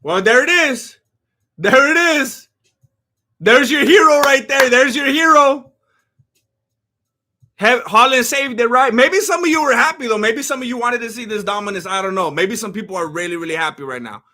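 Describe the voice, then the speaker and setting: Male streamer, very high and bright voice, animated ranting live fight commentary. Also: normal speed. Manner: animated, ranting, often shouting; thanks followers by name between rants.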